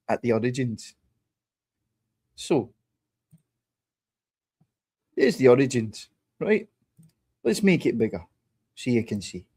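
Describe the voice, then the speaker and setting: A man's voice: medium pitch, a little mellow, slightly rough. A man with a Scottish accent hosting a livestream, ranting and swearing in a mocking tone full of rhetorical questions. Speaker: livestream host.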